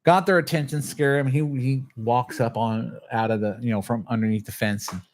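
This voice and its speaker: A man's voice: medium pitch, fairly even intonation, a little fast. A man telling a long, agitated story in a casual livestream, swearing and acting out what others said. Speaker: channel host.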